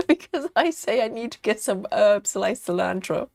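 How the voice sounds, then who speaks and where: Slow, lively chatty British woman. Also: mid-range voice, creaky, no echo, studio quality. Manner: chatty, laughs often, muses aloud. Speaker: livestream host reading viewer chat. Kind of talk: casual live chat while cross-stitching.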